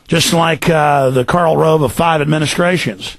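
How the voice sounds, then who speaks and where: A man's voice: a little high, a little fast, creaky, hardly any pauses, breathy edge, no room sound. A man hosting a talk radio show, ranting in fury, often mocking the people he attacks in put-on voices. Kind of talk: angry political radio rant.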